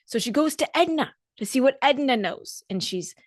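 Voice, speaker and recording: A woman's voice: sits high, expressive, moderate pace, dry recording, studio quality. A woman dance coach hosting a solo podcast, talking in an earnest, motivational way with emphatic repetition.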